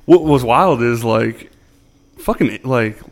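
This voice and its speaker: A man's voice: medium pitch, expressive, takes it slowly. A man from the northern US chatting casually on a podcast, rambling with many fillers and swearing. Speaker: podcast co-host. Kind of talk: casual chat.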